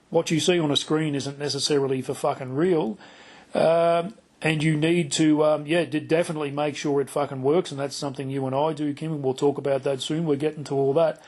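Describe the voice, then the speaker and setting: A man's voice: fairly high pitch, a little mellow. A middle-aged Australian man hosting a podcast, telling stories bluntly and swearing freely. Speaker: podcast host. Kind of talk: casual chat.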